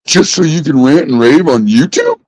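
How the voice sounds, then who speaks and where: A man's voice: a little high, animated, normal speed, darkish tone, no room sound, rough recording. A man ranting casually in an exasperated, profane way, repeating himself. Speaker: vlogger. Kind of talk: casual rant.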